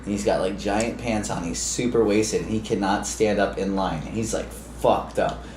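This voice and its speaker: A man co-hosting a podcast, telling a story in a casual, animated way, swearing freely and acting out the people in it. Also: on the low side, normal speed. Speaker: podcast co-host. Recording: roomy with faint noise.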